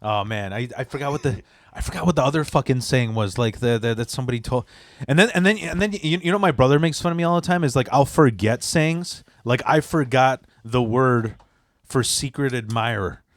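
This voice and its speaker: A man's voice: mid-range voice, fairly quick, dry recording, clean studio sound. A man hosting a comedy podcast, telling rambling, profane stories and laughing hard. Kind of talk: casual chat.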